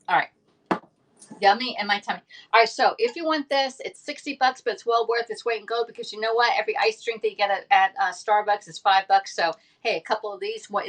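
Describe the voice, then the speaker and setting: A woman's voice: mid-range voice, fairly bright tone. Chatty woman saying y'all. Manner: chatty, says y'all often, many fillers and restarts. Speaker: livestream host selling kitchen products. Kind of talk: casual livestream chat.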